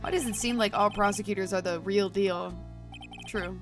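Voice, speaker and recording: A woman's voice: mid-range voice, fairly even intonation, moderate pace, over music. Chatty young woman streaming a game. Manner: chatty slang, lots of "like" and laughs. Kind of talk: casual gameplay commentary.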